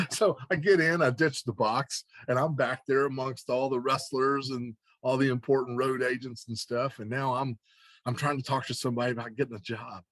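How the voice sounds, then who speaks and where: A man telling an animated anecdote as an interview guest, acting out the other people's lines and laughing along. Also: medium pitch, fairly quick, no room sound. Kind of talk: casual storytelling.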